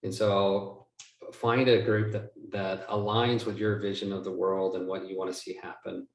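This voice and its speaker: A man's voice: sits low, level tone, normal speed. A man, a real estate investor guest, answering interview questions in a rambling, self-correcting, joking way. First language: not from the United States. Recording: roomy, distant mic.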